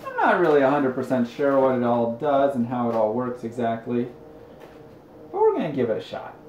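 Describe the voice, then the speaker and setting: A young man streams live from his home kitchen, cooking while he tells self-deprecating, rambling stories. He talks fairly fast in a medium, darkish voice whose pitch swoops wildly. The lo-fi stream audio sounds roomy and dull, with a little hiss or hum.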